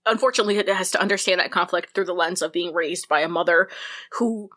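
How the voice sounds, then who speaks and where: A woman's voice: lowish voice, fast talker, fairly bright tone. A woman co-hosting a casual podcast, rambling and swearing in a joking way while drooling from spicy wings. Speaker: podcast co-host. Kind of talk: casual chat while eating hot wings.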